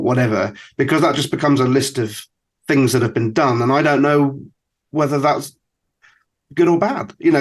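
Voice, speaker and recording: A man in his forties hosting a podcast, asking questions in a thoughtful, halting way. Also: medium pitch. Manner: thoughtful, halting, many restarts. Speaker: podcast host. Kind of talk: interviewing, casual chat.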